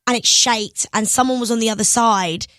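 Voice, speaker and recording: A young woman, a singer, telling stories in an excitable, giggly way as a radio guest. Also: fairly high pitch, moderate pace, no room sound. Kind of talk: casual interview chat. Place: radio studio.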